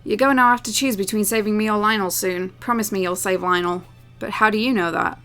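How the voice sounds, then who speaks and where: A guilt-ridden young man who wants to die , read by a woman. He speaks quietly and evasively, resigned, with a bright, firm tone. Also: medium pitch, a little fast, faint music behind, lightly acted.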